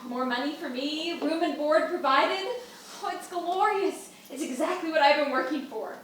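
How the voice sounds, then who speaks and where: An enthusiastic young aunt, a proud teacher, played by a woman. Her voice sits high and sounds far off in a very echoey room. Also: normal speed, a bit bright, slight background noise. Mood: excited. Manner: bubbly, enthusiastic.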